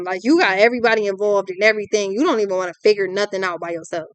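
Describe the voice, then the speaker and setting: A woman's voice: mid-range voice, fairly even intonation, rapid-fire, few pauses, noisy background. A young adult woman, giving a ranting tarot reading in a blunt, exasperated, profane way. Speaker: tarot reader.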